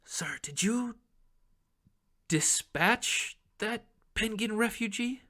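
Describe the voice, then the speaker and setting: A man's voice: fairly high pitch, moderate pace, pushed and bright, smooth. A man voicing a small, timid male assistant who whispers nervously to his boss.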